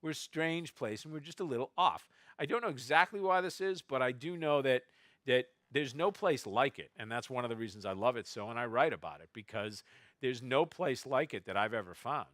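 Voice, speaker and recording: Bright-voiced man telling stories. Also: mid-range voice, a little fast, no echo. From Boston, USA. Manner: animated, wry anecdotes with restarts. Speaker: novelist speaking at a festival. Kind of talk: storytelling talk to an audience. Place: festival stage before an audience.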